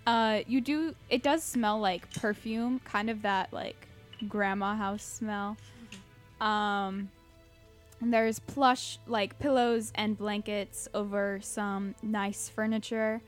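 A woman narrating a tabletop game as game master, relaxed and hesitant with many fillers. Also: mid-range voice, takes it slowly, soft background music.

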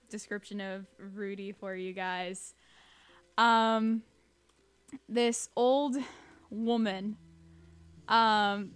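A woman narrating a tabletop game as game master, relaxed and hesitant with many fillers. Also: mid-range voice, clean tone, dry recording.

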